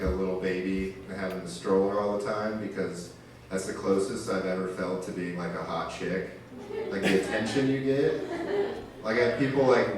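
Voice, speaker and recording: A young man rambles through a crude stand-up set in a low, easygoing voice. He sits far from the mic in a very echoey club room, with noise clearly audible underneath. The recording sounds like a small live venue. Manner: loose, rambling delivery with crude asides. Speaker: stand-up comedian. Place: small arts venue stage.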